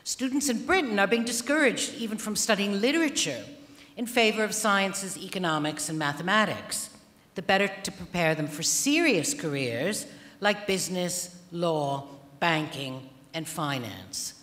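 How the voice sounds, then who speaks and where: A woman author giving a festival opening speech, retelling a fairy tale in a dry, ironic, deadpan way. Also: fairly low pitch, normal speed. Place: large theatre hall. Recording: long reverb of a large hall.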